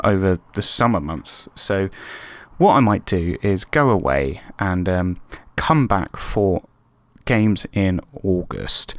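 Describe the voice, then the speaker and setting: A man hosting his own gaming channel, commentating a football management game casually, excitable and prone to yelling at his players. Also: fairly low pitch, dry recording. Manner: excitable, shouting at players, swings between frustration and resignation. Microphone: webcam microphone.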